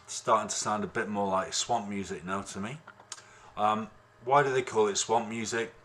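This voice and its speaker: A man teaching harmonica in an online lesson, explaining in a relaxed, rambling way with many fillers, speaking into a computer microphone. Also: fairly low pitch, normal speed. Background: harmonica playing.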